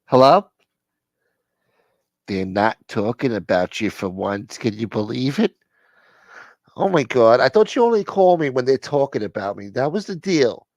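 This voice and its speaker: Mob boss's son, touchy and indignant, as a man puts him on; gravelly, dry close sound. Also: medium pitch, big pitch swings, a little slow, pauses often, no echo, voice pushed up. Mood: defensive. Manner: touchy, defensive, exclaiming.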